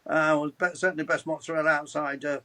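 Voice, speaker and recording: A man's voice: a little high, steady tone, fast, pushed and bright, poor audio. A man in his seventies, a motorsport commentator chatting as a podcast guest, telling anecdotes with chuckles and frequent restarts. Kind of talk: anecdotal storytelling in conversation.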